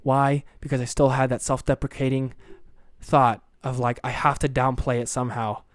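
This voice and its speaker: A man's voice: mid-range voice, flat delivery, moderate pace, no room sound, clean studio sound. A young man hosting his own podcast alone, rambling in a crude, jokey, self-deprecating way. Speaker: podcast host.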